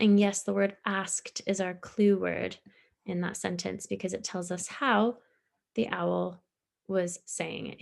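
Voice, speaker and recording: Infant-school teacher, female, encouraging and patient, slight gravel in the voice. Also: mid-range voice. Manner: gentle, encouraging, explains step by step. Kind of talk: recorded online lesson for young children.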